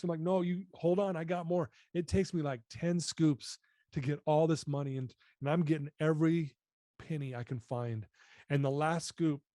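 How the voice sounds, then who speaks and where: A man's voice: mid-range voice, mellow, dry recording, clean studio sound. A man in his fifties telling his personal story as a podcast guest, earnest and emotional.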